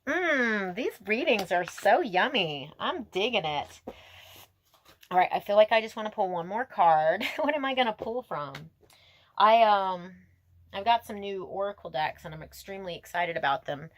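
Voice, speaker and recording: A woman's voice: mid-range voice, expressive, moderate pace. A woman giving a casual tarot reading to camera outdoors, gushing and emotional, laughing and musing aloud to herself. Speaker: tarot reader.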